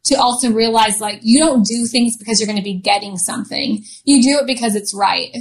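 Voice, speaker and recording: A woman's voice: fairly high pitch, brisk. A woman in her thirties telling a personal story as an interview guest, chatty and often laughing, with many fillers.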